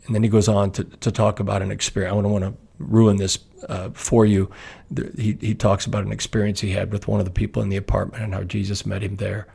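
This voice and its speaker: Low, gravelly-voiced pastor. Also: male voice, little pitch movement, dark tone. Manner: earnest, unhurried storytelling with frequent restarts. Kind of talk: podcast devotional message.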